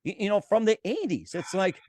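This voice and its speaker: A man's voice: high-pitched, very animated, brisk, background noise. A man hosting a casual interview who rambles and uses lots of fillers. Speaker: host.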